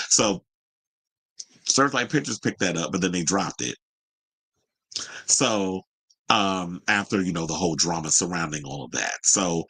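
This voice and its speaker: A man's voice: fairly low pitch, a bit bright. A man hosting a casual pop-culture commentary show, chatty and opinionated, full of asides and fillers. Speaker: host.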